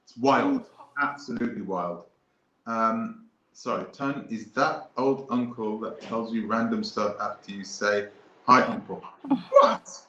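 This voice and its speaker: A man's voice: on the low side, unhurried, fairly bright tone, a little hiss or hum. A man hosts a live stream, talking in a casual, rambling way and hammering his points home by repeating them. His voice sounds echoey, as if recorded in a bare room, and a little muffled. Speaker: host.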